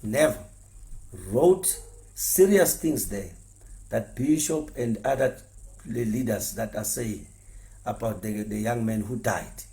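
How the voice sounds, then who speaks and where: A former pastor, speaking earnestly and repeating himself, stumbling over words when heated. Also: male voice, mid-range voice, gravelly, mellow. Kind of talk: impassioned spoken address.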